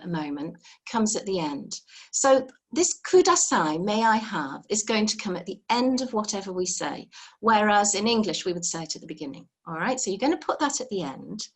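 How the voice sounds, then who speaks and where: Patient and encouraging, a woman with a husky, medium-pitched voice walks beginners step by step through a live language lesson on a video call.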